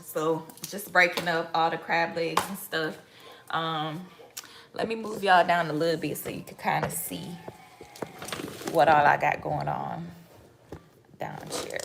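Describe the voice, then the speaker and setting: A lifestyle vlogger from Mississippi chats casually with viewers in a cooking vlog from her home kitchen, full of rambling asides and "y'all." Her voice is low and creaky. The recording is reverberant, with background noise.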